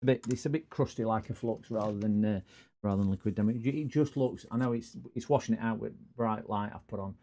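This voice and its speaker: Broad Scottish man, low mellow voice. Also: a little fast. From Scotland. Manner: rambling, chatty, greets viewers by name. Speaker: PC repair streamer. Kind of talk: casual live-stream chat while repairing.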